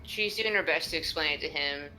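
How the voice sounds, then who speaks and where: A woman's voice: deep voice, brisk, sharp tone, faint music behind, poor audio. A woman in casual tabletop play who chats and asks about the rules. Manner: chatty, asks rules questions. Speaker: player.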